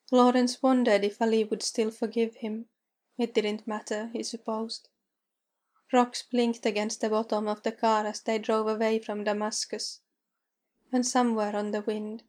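A woman narrates a story at a slow, unhurried pace. Her voice sits rather high and stays flat and level throughout. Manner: measured, even. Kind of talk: storybook reading.

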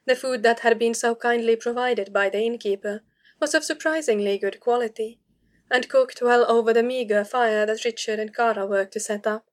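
A woman narrating a fantasy story in a calm, measured audiobook style. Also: on the high side.

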